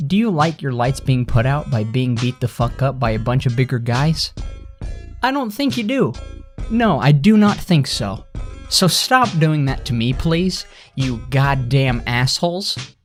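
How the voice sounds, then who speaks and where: A young man ranting in a bitter, sarcastic voice at a middle pitch, heavy with swearing. Faint music plays under him. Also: expressive, a little slow. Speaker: vlogger. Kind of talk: angry ranting monologue.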